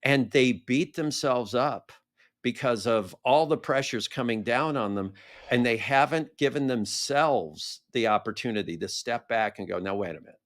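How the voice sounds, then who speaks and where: Man telling a story in a steady voice. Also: mid-range voice, measured pace. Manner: animated storyteller acting out quoted dialogue. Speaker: guest, brand strategist. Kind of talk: storytelling in a podcast interview.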